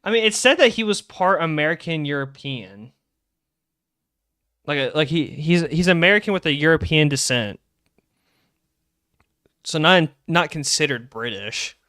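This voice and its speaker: A young man streaming live, chatting excitably and rambling about game lore. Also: a little high, no room sound, studio quality. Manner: excitable, rambling, quick bursts of laughter.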